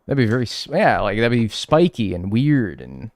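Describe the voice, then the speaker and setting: A young streamer with a Pittsburgh accent rambles through jokey stories as he plays. His voice sits low, yet it swings widely up and down in pitch. He talks in a loose, casual way and breaks into silly put-on voices. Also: sing-song, normal speed, a little mellow, no room sound. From Pittsburgh area, US. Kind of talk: casual stream chat while gaming.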